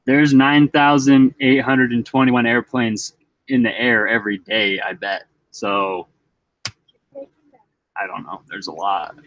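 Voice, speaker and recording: A man's voice: mid-range voice, fairly even intonation, slow, dry recording, highs cut off. A young man from Utah hosting a casual live stream, rambling as he reads viewer comments aloud. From Utah, USA. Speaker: vlog host reading live chat.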